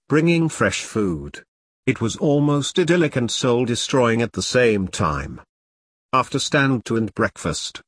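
A man reading a story aloud in a steady, measured narration. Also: mid-range voice, no room sound. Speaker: audiobook narrator. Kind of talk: scripted narration.

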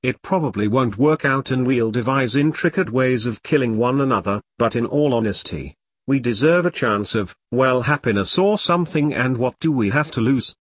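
A man's voice: medium pitch, expressive, normal speed, no room sound, clean studio sound, lightly acted. A man voicing a wry, weary middle-aged ex-soldier in an audiobook, speaking hesitantly. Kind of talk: audiobook character reading.

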